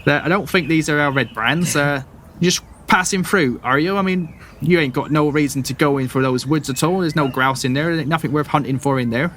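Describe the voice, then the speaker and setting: A man's voice: on the high side, brisk, a bit bright, a little hiss or hum, lightly acted. A man voicing a fussy, protective halfling farm woman, flustered and scolding.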